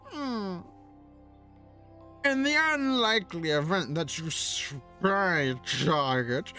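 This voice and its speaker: A streamer voicing a pompous, condescending male archery guildmaster from a video game, reading his lines in a haughty, drawn-out way. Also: mid-range voice, fairly bright tone. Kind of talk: reading game dialogue aloud.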